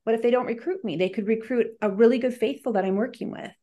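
A woman's voice: fairly high pitch, highs cut off. A woman reality show contestant answering interview questions, telling stories animatedly and acting out quoted lines. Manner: animated, quick-paced storytelling with quoted dialogue.

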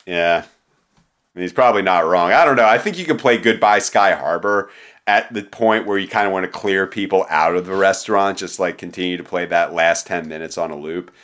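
A man's voice: deep voice, brisk, a bit bright. A man co-hosting a casual podcast, talking in a loose, rambling way with casual swearing. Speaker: podcast co-host.

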